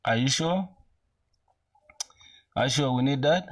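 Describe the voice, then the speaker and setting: A young man in his twenties chatting casually with viewers while coding live, using relaxed slang and thinking aloud, with an occasional cough. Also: medium pitch, measured pace. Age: young adult. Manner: laid-back slangy, greets chat, thinks aloud. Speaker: programming streamer.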